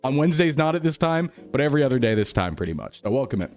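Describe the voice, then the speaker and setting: A man's voice: medium pitch, big pitch swings, racing, darkish tone, faint music behind. A young man chatting casually on a live stream, rambling, reading chat aloud and laughing often. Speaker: VTuber streamer.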